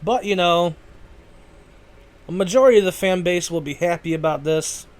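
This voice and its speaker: A man's voice: high voice, moderate pace. A man hosting a casual solo podcast, rambling and correcting himself, swearing now and then. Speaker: podcast host.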